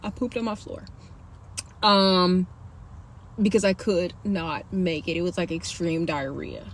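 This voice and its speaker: A woman's voice: fairly low pitch, measured pace. Candid woman telling a personal story. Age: young adult. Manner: candid, animated, slangy storytelling. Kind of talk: casual storytelling to camera.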